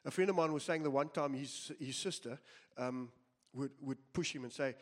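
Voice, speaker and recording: A man's voice: mid-range voice, normal speed. A man preaching a sermon, earnest and emphatic, often repeating his phrases. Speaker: pastor.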